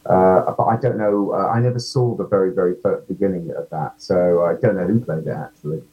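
A man's voice: deep voice, steady tone, a little fast. Man, actor guest, casual interview, self-deprecating, hesitant ums, dull lo-fi audio.

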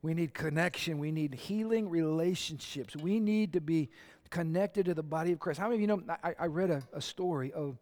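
A man preaching a sermon, conversational and animated, acting out quotes and asking the crowd questions. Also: fairly high pitch, fairly quick. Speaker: pastor.

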